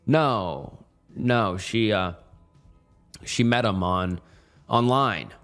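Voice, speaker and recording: A man's voice: fairly low pitch, expressive, very slow, a bit bright, soft background music, heavily acted. A man voicing a scared, guilty teenage girl who stammers and keeps apologizing. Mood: hesitant.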